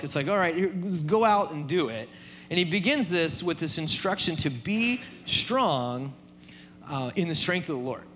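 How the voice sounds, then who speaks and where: A man preaching a sermon in a relaxed conversational way, often checking in with "right?". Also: a little high, big-room sound, slight background noise. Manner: conversational, many fillers and repeated tag questions. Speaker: pastor.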